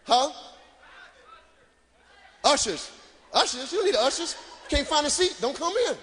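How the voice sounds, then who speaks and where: A man performing live stand-up comedy, loud and animated, shouting punchlines to the crowd from a stage. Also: very high voice, a little slow, long pauses, background noise. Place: stage before a live audience.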